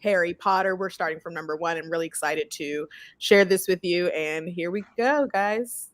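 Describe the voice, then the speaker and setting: A woman's voice: on the low side, normal speed, no room sound. A woman co-hosting a casual online review chat, teasing playfully with lots of fillers, on a video-call mic. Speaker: co-host.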